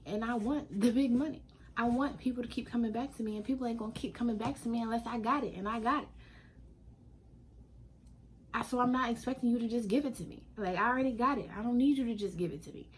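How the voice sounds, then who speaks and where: A woman telling a casual storytime vlog, animated and sassy, laughing often. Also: a little high, fast, a little hiss or hum. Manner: animated, sassy, laughing often, African American Vernacular English slang.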